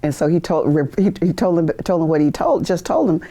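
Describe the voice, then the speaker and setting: A woman in her sixties speaks in a low, mellow voice and tells her stories with easy humor. She breaks into laughter now and then and acts out what others said. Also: expressive, fairly quick. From United States. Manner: storytelling, laughs often, acts out quoted voices. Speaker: veteran interviewee. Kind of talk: oral history interview. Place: university media studio.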